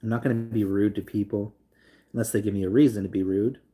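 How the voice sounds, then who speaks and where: Young guy with a lowish voice rambling on a livestream, tons of "like" and "um". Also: steady tone, fast talker, warm tone. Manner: rambling, filler-heavy, reads chat aloud. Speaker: livestream host. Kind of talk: casual live stream chat.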